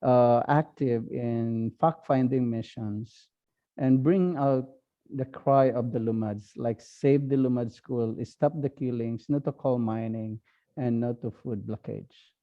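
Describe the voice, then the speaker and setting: A man with a Filipino accent, a priest giving an online talk, speaking slowly and haltingly with many fillers. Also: medium pitch, steady tone, highs cut off. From Philippines. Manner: slow, halting, with frequent fillers.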